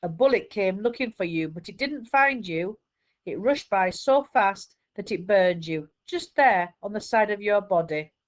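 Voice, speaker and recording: A kindly family friend in a storybook, gentle and reassuring, speaking a little higher. A woman voices her while reading aloud. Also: lively intonation, a little slow, close to an everyday voice.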